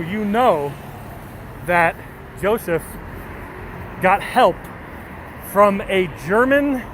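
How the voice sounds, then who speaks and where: A man with a slightly high voice chats loosely with his viewers, rambling and poking fun at himself. Faint traffic hums behind him outdoors. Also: fairly bright tone. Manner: chatty, rambling, self-deprecating, swears casually. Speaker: streamer reading chat. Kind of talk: casual chat with viewers.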